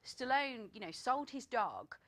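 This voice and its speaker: A woman hosting a casual chat, telling an inspiring story in a lively storytelling manner. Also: a little high, a little slow. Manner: storytelling, animated when excited.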